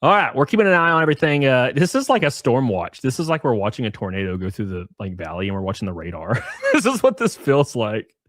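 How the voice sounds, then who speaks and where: A man with an ordinary middle-pitched voice hosts a livestream in loose, profane banter. He rattles through viewer messages and chuckles between them. The sound is dry and close, with no room echo. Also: sing-song, a bit bright. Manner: rapid banter, chuckles, reads messages aloud. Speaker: livestream host reading viewer donations. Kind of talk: casual profane livestream chat.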